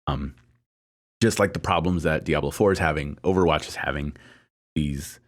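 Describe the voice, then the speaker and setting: A man co-hosting a casual podcast discussion, talking in a hesitant, measured way with frequent fillers and restarts. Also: rumbling low, steady tone. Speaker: podcast co-host.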